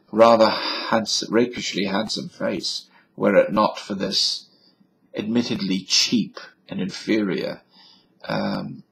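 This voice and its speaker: A man's voice: fairly low pitch, vocal fry. A man talking alone to his webcam indoors, musing in a wry, self-mocking way. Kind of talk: rambling webcam monologue. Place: indoors at a computer.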